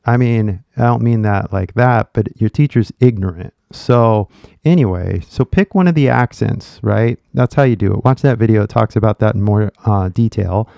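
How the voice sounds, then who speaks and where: A man's voice: on the low side, moderate pace, gravelly, warm tone, no echo. A man with a Californian accent giving casual livestream English coaching, blunt and rambling with swearing, on dull lo-fi stream audio.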